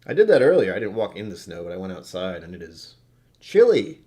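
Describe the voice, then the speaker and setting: Tired, rambling man for a casual whisky vlog; low-ish voice, self-deprecating. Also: wildly swooping pitch, a little fast, dark tone. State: tired from poor sleep. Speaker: whisky reviewer. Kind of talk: casual tasting notes to camera.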